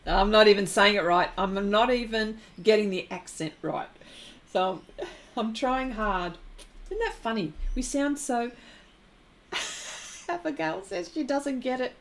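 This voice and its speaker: Brief: middle-aged Kiwi woman hosting a painting stream, unhurried and giggly, slightly high voice. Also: animated. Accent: New Zealand. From New Zealand. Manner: giggly, laughs often between remarks. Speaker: art livestream host. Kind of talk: casual chat while painting, reading viewer comments.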